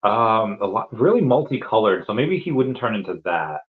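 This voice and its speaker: A lowish male voice drifts through a casual livestream chat, rambling from thought to thought and stumbling over repeated words. The audio sounds dull and lo-fi, as if streamed through a modest setup. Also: very animated, normal speed. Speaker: livestream host answering chat.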